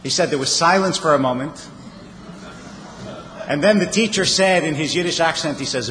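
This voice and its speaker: A man's voice: on the high side, moderate pace, pauses often, fairly bright tone, slight background noise. A man giving a sermon as a rabbi, telling stories with wry humor. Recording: reverberant hall, faint ambience.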